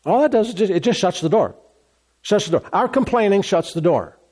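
A man preaching a sermon as a pastor, animated, acting out complaining voices along the way. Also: high voice, a little fast.

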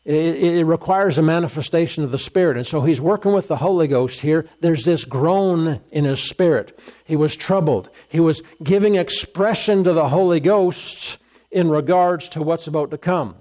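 Emphatic preacher, fairly high-voiced man. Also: moderate pace, mellow. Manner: emphatic, repeats phrases, acts out scripture dialogue. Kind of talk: sermon.

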